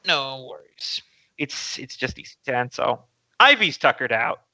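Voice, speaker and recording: A man's voice: mid-range voice, big pitch swings, measured pace, lo-fi sound, background noise. A man acting as game master, calling for rolls and describing terrain plainly. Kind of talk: running a tabletop game over a call.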